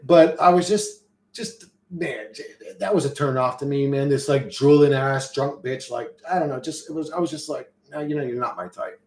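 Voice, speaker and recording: A man hosting a stream, telling a rambling story in loose, profane street slang with many restarts and reading out chat comments. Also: mid-range voice. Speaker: livestream host reading chat. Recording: roomy echo.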